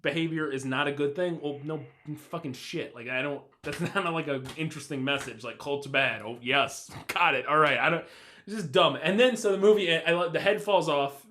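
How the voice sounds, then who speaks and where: A man's voice: fairly high pitch, fairly quick, slight background noise. A man co-hosting a casual movie review podcast, ranting in disbelief and swearing freely. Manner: animated, swearing, incredulous ranting. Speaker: podcast co-host.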